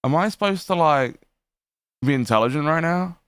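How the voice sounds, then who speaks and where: A man's voice: fairly high pitch, lively intonation, normal speed, a bit bright, smooth, no room sound, studio quality. A man giving profane, mocking reaction commentary to a stream, laughing often and padding his talk with fillers.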